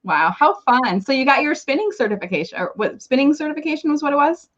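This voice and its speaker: A woman's voice: high voice, sing-song, fast, a bit bright, muffled recording. A woman hosting a casual live video interview, chatty and encouraging, often restarting her sentences as she thinks aloud. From Michigan, United States. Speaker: host.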